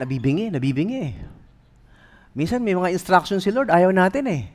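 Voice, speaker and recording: A man with a Filipino accent preaching a sermon as pastor, telling stories in an animated, humorous way. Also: high voice, brisk. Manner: animated, humorous storytelling mixing English and Tagalog.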